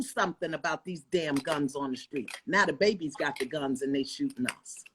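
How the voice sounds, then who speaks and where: An older woman, speaking with fiery, emphatic conviction on a live video call, swinging between loud outbursts and low asides. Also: normal speed, hardly any pauses, slight background noise. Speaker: guest author and life coach. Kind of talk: impassioned preaching-style talk on a live video call. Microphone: phone on a live video call.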